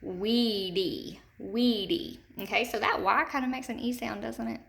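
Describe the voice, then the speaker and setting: Slow, clear woman teaching phonics. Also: on the high side, sharp tone. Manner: slow, deliberate, repeats words clearly; speaks to young children, checks with "okay?". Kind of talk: recorded remote phonics lesson.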